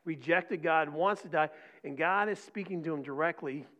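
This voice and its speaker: A middle-aged man preaching a sermon in a conversational way, often asking "right?" and dropping his voice to a soft hush for emphasis. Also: fairly high pitch, moderate pace. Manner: conversational preaching with frequent "right?" and repeated words; drops to soft near-whispers for emphasis. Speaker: pastor. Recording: dull lo-fi recording.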